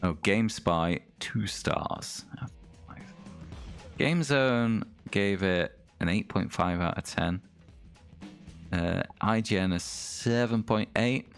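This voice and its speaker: Gravelly low-voiced male streamer. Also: slow, soft background music. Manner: chatty, reads aloud and comments dryly. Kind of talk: casual chat while streaming a game.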